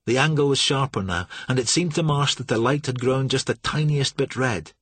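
Husky male audiobook narrator. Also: medium pitch, normal speed, fairly bright tone, no echo.

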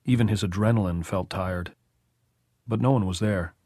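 A man narrating an audiobook in measured, even storytelling. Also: lowish voice, no echo, clean studio sound. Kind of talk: scripted narration.

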